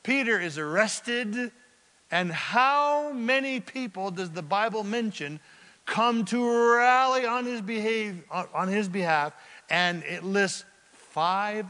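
A man preaching a sermon as pastor, swinging from loud bursts to hushed asides. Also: high voice, long reverb tail.

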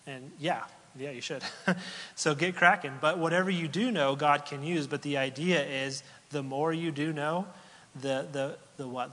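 A man's voice: mid-range voice, sharp tone. Male pastor, casual sermon delivery with restarts, recorded with long hall reverb. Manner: conversational, with fillers and repeated words.

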